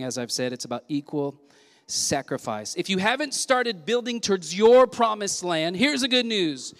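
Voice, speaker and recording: A man's voice: fairly high pitch, a bit bright. A male senior pastor preaching a sermon with energy, punchy repetition and call-and-response with the congregation, recorded in a church sanctuary. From Southern California. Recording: long church hall reverb.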